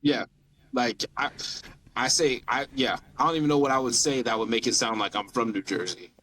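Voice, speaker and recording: A man's voice: mid-range voice, a little fast, a bit bright. A man from the Southern United States with a light Southern accent, chatting as a podcast guest and telling stories animatedly. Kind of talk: casual chat.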